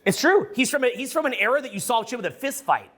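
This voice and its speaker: A middle-aged man giving a casual, profane, rambling talk to a live audience as a social skills coach, loud and excitable. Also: very high-pitched, fast.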